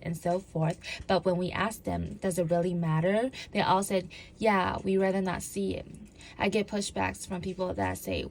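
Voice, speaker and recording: Low-voiced woman giving a demonstrative talk. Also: fairly even intonation, measured pace, vocal fry, darkish tone, a little hiss or hum. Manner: demonstrative, acts out examples and drills the audience. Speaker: public speaker on body language; former law enforcement officer. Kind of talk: presentation talk to an audience.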